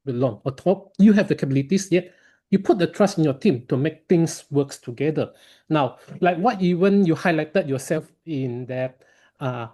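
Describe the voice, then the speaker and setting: Mellow-voiced man chairing an online club meeting. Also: a little high. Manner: halting, non-native phrasing, polite.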